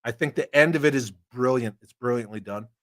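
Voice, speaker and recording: A man's voice: mid-range voice, brisk, no room sound, studio quality. A man hosting a toy collecting live stream, chatting casually, joking and swearing while he reads comments. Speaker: army veteran.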